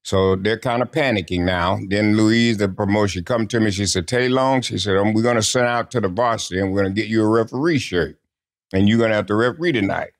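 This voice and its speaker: An older man sits for an interview and spins his stories in a low voice. He talks in a casual, lively way and acts out what others said to him. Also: fast. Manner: lively anecdotal storyteller who acts out quotes. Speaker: interview guest.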